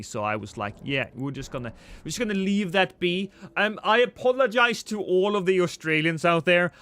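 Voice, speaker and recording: A man's voice: a little high, fairly bright tone, clean tone. A man streaming a game live, chatting with viewers in a rambling, joking, self-deprecating way.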